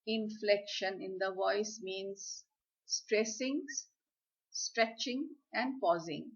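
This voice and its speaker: Female lecturer, unhurried instructive delivery, muffled lo-fi recording. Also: mid-range voice. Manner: slow, deliberate, instructive. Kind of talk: slide lecture on communication skills. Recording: slightly dull, lo-fi audio.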